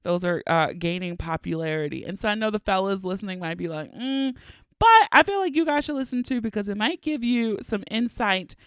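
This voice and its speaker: A woman in her thirties hosts her own podcast in a casual monologue, chatty, playful and animated, laughing often, a little stuffy from allergies and close to the mic. Her medium-pitched voice is clear and resonant, fairly quick with hardly any pauses, and there's no room sound.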